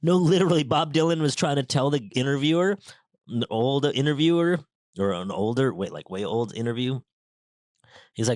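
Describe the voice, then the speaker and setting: A man hosting a show, chatting casually and reading passages aloud, animated and quick to interrupt himself. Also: medium pitch, no room sound. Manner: animated, excitable, self-interrupting. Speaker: podcast host.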